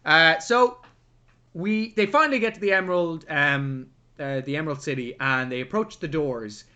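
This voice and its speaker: A man co-hosting a casual film review podcast, retelling the plot in an animated way and swearing freely. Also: fairly high pitch, normal speed, muffled recording. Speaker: podcast co-host.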